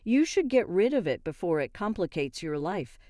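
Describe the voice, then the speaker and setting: A woman voicing a disapproving middle-aged mother in a measured, slow way. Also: lowish voice, big pitch swings, dark tone, no room sound, studio quality. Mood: insistent.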